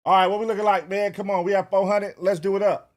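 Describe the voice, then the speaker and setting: A man streaming live, reacting to clips and chatting loudly and profanely with his viewers. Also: high-pitched, quick pace. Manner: loud, excitable, profane, animated. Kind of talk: casual livestream chat.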